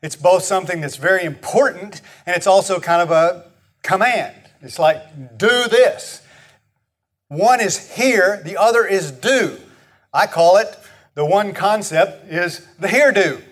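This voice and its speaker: A man's voice: high voice, unhurried, fairly bright tone. A man with a Texan accent preaching a sermon, folksy and emphatic, leading the congregation to repeat words after him. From Texas. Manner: folksy, emphatic repetition, leads the congregation in call-and-response. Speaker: pastor.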